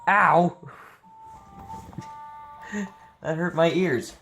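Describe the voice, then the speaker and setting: A man's voice: mid-range voice, unhurried, faint music behind. Tired young man rambling over gameplay. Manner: tired, rambling, jokey and profane. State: sleepy. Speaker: gameplay streamer. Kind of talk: casual gameplay commentary.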